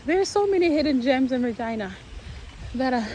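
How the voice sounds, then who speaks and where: A woman's voice: high voice, expressive, a little fast, dark tone, rough recording. A woman chatting playfully in baby talk while she walks outdoors, vlogging on a handheld camera. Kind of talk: casual vlog chat while walking with a baby. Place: outdoors by water in a city park. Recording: faint outdoor noise.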